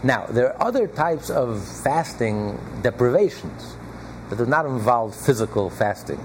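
A man leads a small study group at an even, middling pitch, pressing his points with emphatic repetition. He chuckles now and then as he explains. A faint hum sits under the recording. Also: unhurried, rough recording. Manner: emphatic, repeats key phrases, chuckles often. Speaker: Torah class teacher.

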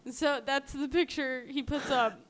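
A woman's voice: high-pitched, fairly even intonation, unhurried, a crowd in the background. A woman co-hosting a podcast, telling a true-crime story in a chatty way with lots of fillers. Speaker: podcast co-host. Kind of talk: casual true-crime chat.

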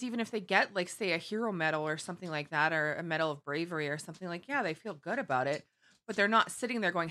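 A woman's voice: lowish voice, expressive, fast, pushed and bright. A woman co-hosting a casual podcast, chatting conversationally and chiming in with laughter. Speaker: podcast co-host.

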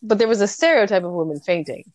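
A woman's voice: medium pitch, expressive, fast, darkish tone, no room sound. A young adult woman co-hosting a casual book chat, wry and rambling with casual filler words. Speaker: podcast co-host.

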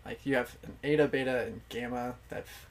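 Young adult man, podcast guest, easygoing, chuckly, filler-heavy explaining, mid pitch. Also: steady tone, brisk. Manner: laughs easily, explains with many fillers. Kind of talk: casual chat.

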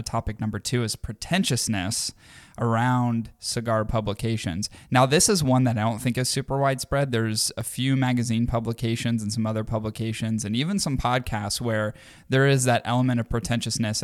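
Brief: male podcast co-host, mid pitch, rambling and earnest. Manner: rambling, many fillers and restarts, earnest. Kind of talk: casual chat.

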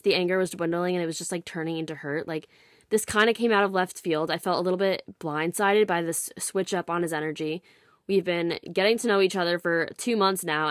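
A woman's voice: medium pitch, no room sound, clean studio sound. A young woman in her twenties hosting a podcast, telling a dating story in a frank, sarcastic way, swearing freely and swinging between exasperation and hurt. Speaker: podcast host. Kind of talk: casual storytelling monologue.

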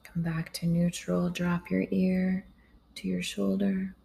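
Yoga instructor, woman, low flat delivery, calm soft cueing of breaths. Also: slow, creaky, a little hiss or hum, poor audio.

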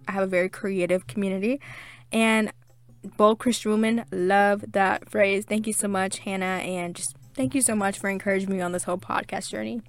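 Young adult woman, podcast host, warm-hearted gushing read of listener reviews, medium pitch, light music bed. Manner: gushing, grateful, chatty with many fillers. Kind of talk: reading listener reviews aloud.

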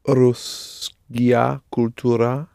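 Very slow, hesitant male student. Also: mid-range voice, flat delivery, vocal fry, warm tone, dry recording, clean studio sound. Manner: hesitant, halting answers. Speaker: language student. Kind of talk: language lesson.

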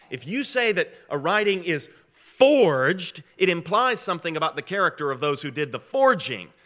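A middle-aged man preaching a sermon in a conversational but emphatic way, often posing rhetorical questions. His voice sits a little high and sounds bright and forceful. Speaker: pastor.

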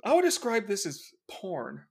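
A man's voice: high voice, wildly swooping pitch, moderate pace, gravelly, darkish tone, slightly rough. A man co-hosting a comic podcast, playful and rambling, often breaking into laughs. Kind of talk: casual podcast banter.

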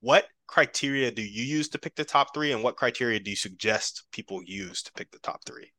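A man's voice: mid-range voice, fairly quick, bright, forceful tone, dry recording. A man hosting a podcast, affirming his guest and asking long, thoughtful questions. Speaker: podcast host. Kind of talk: interview questions.

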